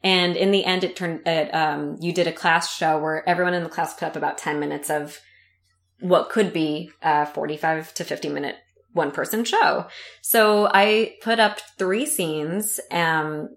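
A woman's voice: low voice, measured pace, echoey room. A woman in her thirties, chatting as an interview guest and telling stories with acted-out voices. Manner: animated storyteller, acts out quoted voices. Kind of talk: casual interview chat.

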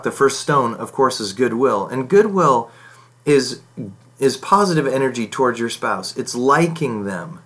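A middle-aged man talks through marriage advice in a relaxed, unscripted way. He pauses on ums, backs up to correct himself, and keeps going in an easy everyday tone. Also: medium pitch. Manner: conversational, loose, with frequent ums and self-corrections. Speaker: marriage podcast host. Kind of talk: casual advice talk.

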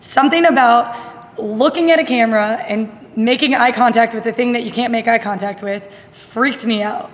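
Lively, slightly high woman in a reverberant room. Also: normal speed. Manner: lively, self-deprecating, laughs often. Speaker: fitness coach. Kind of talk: casual podcast chat. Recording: long reverb in a hard room.

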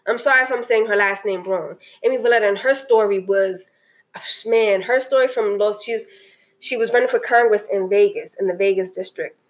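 A woman's voice: medium pitch, low-quality recording. A woman talking casually and earnestly about a documentary that moved her, often restarting her sentences. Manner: earnest and emotional, many restarts. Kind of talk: casual spoken film review.

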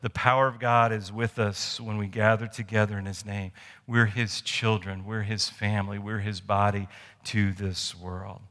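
Low-voiced pastor preaching in a reverberant hall. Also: male voice, flat delivery, normal speed, a bit bright. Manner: conversational, storytelling with asides and restarts. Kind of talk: sermon. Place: church sanctuary. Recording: long church hall reverb.

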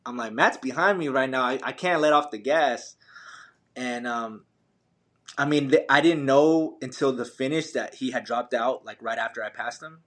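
Animated man telling a race story. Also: mid-range voice, moderate pace. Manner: animated, slangy, many fillers and restarts. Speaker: podcast guest, ultramarathon runner. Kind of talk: casual storytelling.

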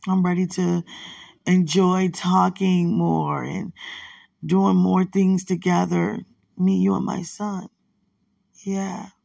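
Husky, hushed woman in bed. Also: fairly low pitch, little pitch movement, slow pace, pauses often, no room sound. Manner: soft, hushed, rambling and affectionate, often religious. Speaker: partner leaving a voice message. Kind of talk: intimate late-night voice message. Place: lying in bed at night. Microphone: phone held close to the mouth.

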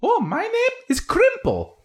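A man's voice: wildly swooping pitch, a little slow, full character voice. A man voicing a tiny, chipper male bonsai-like creature in a tabletop role-playing game. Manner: chipper, high squeaky voice.

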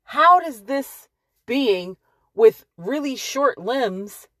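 A woman in her late thirties with a drawl talks straight to camera in a slow, deliberate monologue. She leans hard on key words and lets her points land with wry emphasis. The sound is close and dry, with no room around it. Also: fairly high pitch, lively intonation, pushed and bright, no room sound. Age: late 30s. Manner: emphatic and wry, drawn-out stresses, pausing for effect.

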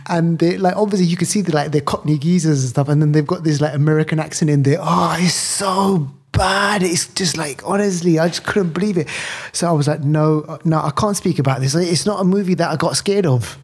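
A man co-hosting a podcast in casual chat, talking in an animated, rambling way full of "right" and "you know". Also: a little high, a little fast, husky. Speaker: podcast co-host.

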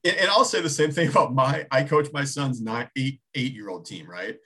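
A man's voice: medium pitch, moderate pace, sharp tone, slightly rough. A man in his thirties co-hosting a casual sports talk show, thinking aloud with many restarts.

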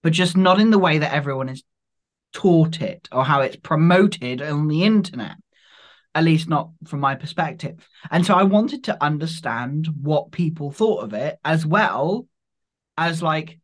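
A man's voice: a little high, expressive, a little slow. A man co-hosting a podcast, thinking aloud in a reflective, rambling, casual way. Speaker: podcast co-host. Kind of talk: casual conversation.

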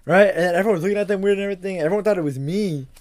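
A man hosting a podcast in casual chat, animated and often repeating words as he restarts. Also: high-pitched, very fast. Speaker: podcast host.

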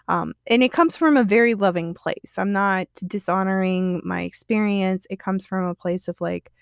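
A woman's voice: mid-range voice, normal speed, creaky, few pauses, no echo, highs cut off. A young woman hosting her own podcast, talking candidly in a casual monologue full of fillers and quoted self-talk. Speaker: podcast host.

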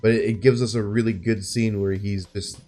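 A man's voice: on the low side, flat delivery, moderate pace, mellow. A man co-hosting a podcast, chatting casually and enthusiastically about a film, swearing freely as he retells scenes. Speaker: podcast co-host. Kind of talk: casual film review chat.

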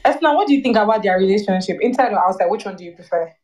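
A woman moderates a fan podcast and calls on each guest in turn. Her pitch is mid-range. She sits some distance from the mic, so her voice sounds slightly far away. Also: lively intonation, rapid-fire, a little mellow. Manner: prompting guests by name. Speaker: podcast host. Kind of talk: moderating a casual discussion.

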